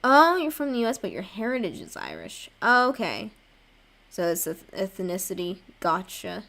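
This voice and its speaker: Young woman with a gravelly, lively voice. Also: mid-range voice, moderate pace. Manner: rambling, self-deprecating, chatting with viewers. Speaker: streamer drawing live. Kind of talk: casual livestream chat.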